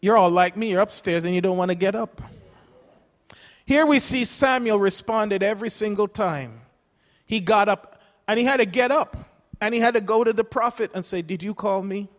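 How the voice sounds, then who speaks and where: Male pastor, higher voice, chatty storytelling sermon, long hall echo. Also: normal speed. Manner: storytelling, chuckles often. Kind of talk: conversational sermon.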